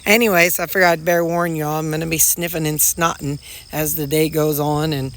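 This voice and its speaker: A woman's voice: low voice, fairly even intonation, brisk, fairly bright tone. Folksy woman with a stuffy nose. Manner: folksy, rambling, chatty. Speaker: weight-loss vlogger. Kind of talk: casual chat. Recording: echoey room, faint noise.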